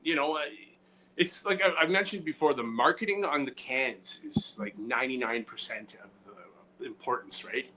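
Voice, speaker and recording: A man's voice: mid-range voice, moderate pace, noisy background. A man co-hosting a comedy podcast in casual, rambling chat with many fillers. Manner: rambling, many fillers and restarts, loud swings. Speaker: podcast co-host.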